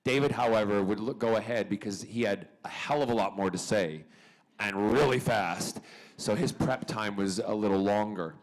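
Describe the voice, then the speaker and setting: A man's voice: fairly low pitch, normal speed. A man at a fan convention panel, telling stories to the crowd in a playful, theatrical way and laughing often. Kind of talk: animated anecdote telling to a crowd. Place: convention hall stage.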